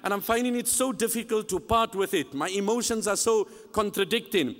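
A man giving a sermon, telling a story with animated acted-out dialogue. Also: sits high, a little fast, soft background music. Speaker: preacher. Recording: long hall reverb.

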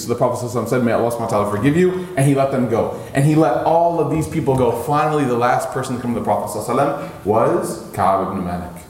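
A man preaching a sermon, telling a story with animation and his voice climbing high when he acts out pleading lines. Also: a little mellow, echoey room, a little hiss or hum.

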